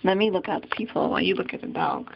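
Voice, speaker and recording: A woman's voice: mid-range voice, quick pace, creaky, a little hiss or hum. A woman vlogging at home, chatting casually and cooing baby talk to her pet dogs in a hallway. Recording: dull lo-fi home camera audio.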